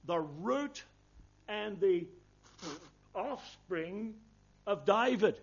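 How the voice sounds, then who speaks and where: A man's voice: sits high, slow pace, lo-fi sound. A man preaching a sermon, earnest and emphatic, quoting scripture in old-fashioned wording.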